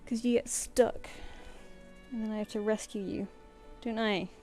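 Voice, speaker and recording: A woman's voice: medium pitch, level tone, moderate pace, warm tone, faint music behind. A woman artist chatting casually on a live stream, rambling and self-deprecating, and talking to her pet between thoughts.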